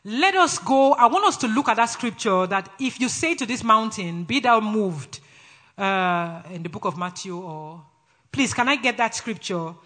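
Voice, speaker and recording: A man with a Nigerian accent preaching a sermon in a brash, forceful way. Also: high voice, expressive, normal speed. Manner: brash, forceful, laughs often between phrases.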